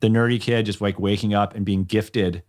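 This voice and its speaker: A man's voice: fairly low pitch, steady tone, moderate pace, a little mellow. A man, guest on a podcast, telling behind-the-scenes stories in a rambling, self-deprecating way with lots of fillers. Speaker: podcast guest, show creator. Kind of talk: casual podcast conversation.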